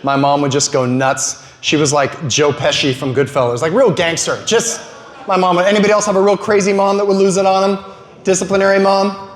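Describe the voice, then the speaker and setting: A man in his forties doing an animated stand-up comedy set and throwing quick asides to the crowd. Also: sits high. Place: comedy venue stage. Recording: roomy venue with background noise.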